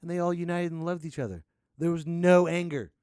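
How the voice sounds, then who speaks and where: A man from the United States hosting a solo comedy podcast: an animated rant, laughing often and slipping into voices. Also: on the high side, a little fast, smooth, no echo, clean studio sound. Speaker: podcast host.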